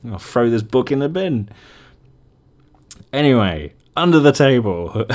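A deep, darkish male voice belongs to a podcast host who casually retells a dream by himself. He rambles in a chatty way and laughs at his own expense.

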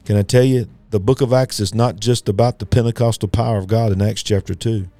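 A man's voice: steady tone, a little fast, mellow, dry recording, faint music behind. A man preaching a sermon, emphatic and repetitive, talking folksy and straight to his listeners. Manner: emphatic, repetitive, rising to fervent pitch; folksy, addresses listeners directly.

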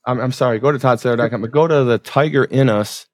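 Animated man telling a story, dry sound. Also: fast, no echo. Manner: animated storyteller, voice rising high in dramatic retelling. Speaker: guest. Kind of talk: storytelling interview.

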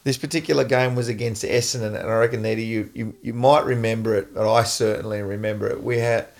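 An Australian man and former footballer, hosting a casual chat and telling an animated story with frequent laughs. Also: lowish voice, fast talker. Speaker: podcast host, former footballer.

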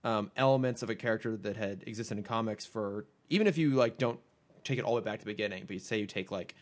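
A man's voice: on the low side, fast talker. A man hosting a podcast in casual chat, thinking aloud and rambling with many restarts. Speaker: podcast host.

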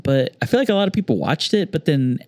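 A man's voice: a little high, big pitch swings, quick pace, a little mellow, dry recording, clean studio sound. A man hosting a casual chat, laid-back, joking and swearing freely.

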